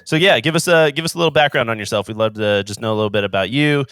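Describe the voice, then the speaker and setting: A man's voice: mid-range voice, rapid-fire, fairly bright tone, smooth, no room sound, clean studio sound. A man hosting a podcast in a chatty, upbeat way, with many filler sounds. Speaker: podcast host. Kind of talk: casual podcast chat.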